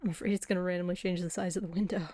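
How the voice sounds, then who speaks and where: A woman's voice: fairly low pitch, steady tone, racing, mellow, no room sound. Chatty woman streaming a game. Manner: chatty, giggly asides to viewers. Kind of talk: casual game playthrough, reading dialogue aloud. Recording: light background music.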